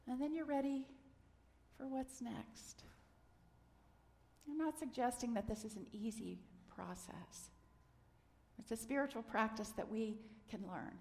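A middle-aged woman giving a gentle, earnest sermon, sometimes dropping to a soft near-whisper. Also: high voice. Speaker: minister. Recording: long hall reverb.

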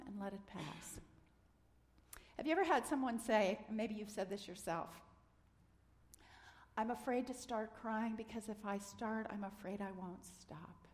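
A middle-aged woman giving a gentle, earnest sermon, sometimes dropping to a soft near-whisper. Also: fairly high pitch. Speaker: minister. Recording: long hall reverb.

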